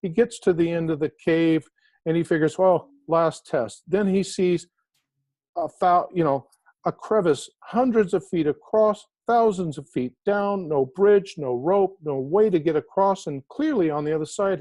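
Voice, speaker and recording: An author speaks as a guest in an interview with a warm, mellow voice that sits a little high for a man. He tells stories with animated emphasis and drags out the words he wants to land. The sound is close and dry, with no room echo. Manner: animated storyteller, emphatic, slows down to stress key words. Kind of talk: inspirational interview storytelling.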